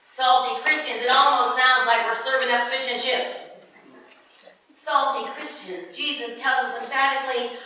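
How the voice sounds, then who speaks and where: A woman pastor delivering a sermon in a measured, emphatic way with touches of humor. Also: sits high, sharp tone, a little hiss or hum. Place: church sanctuary. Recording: echoey church hall from far off.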